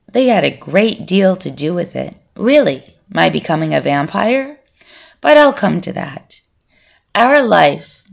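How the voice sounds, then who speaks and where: A woman reading an audiobook, voicing a calm, brooding male vampire who speaks in a measured, collected and reflective way. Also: medium pitch, gravelly, exaggerated voice.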